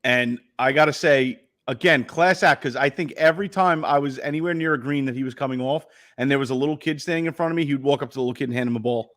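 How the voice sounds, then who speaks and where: A man's voice: mid-range voice, quick pace, hardly any pauses, a bit bright. A man co-hosting a sports podcast, rambling through stories in laid-back casual chat with lots of fillers. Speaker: podcast co-host.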